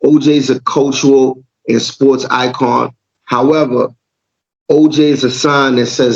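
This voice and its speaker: A man's voice: medium pitch, fairly even intonation, a little slow, vocal fry, lo-fi sound. A man from Jamaica co-hosting a casual podcast, making his points with repeated words and frequent "right?" checks. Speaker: podcast co-host.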